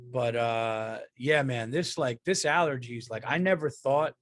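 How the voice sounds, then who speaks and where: A man's voice: medium pitch, measured pace, slight background noise. A man in his thirties, a comedian hosting a casual solo podcast, rambling and profane, stuffy from allergies. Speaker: podcast host and stand-up comedian.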